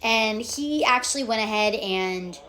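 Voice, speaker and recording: A woman vlogger telling her own story in casual, animated chat, often checking in with "okay?" and "like". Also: on the high side, unhurried. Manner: animated, acts out quotes, frequent "okay?" and "like".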